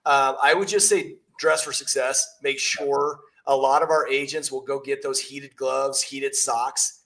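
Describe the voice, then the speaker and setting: A man hosting a live stream, reading viewer questions and giving upbeat, emphatic advice, now and then acting out quick quoted asides. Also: mid-range voice, fairly even intonation, a bit bright. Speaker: host, real estate trainer. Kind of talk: casual live-stream coaching.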